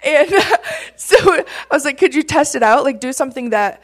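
A young woman from Michigan telling a personal testimony story, laughing often and getting excited as she talks. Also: high-pitched, normal speed. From Michigan, USA. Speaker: campus ministry team member.

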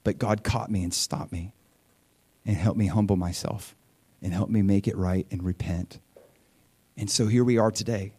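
A pastor in his forties preaches a sermon in an animated, conversational style, swinging between quiet asides and loud bursts. His voice sits on the low side with a breathy edge, moving at a moderate pace with long pauses.

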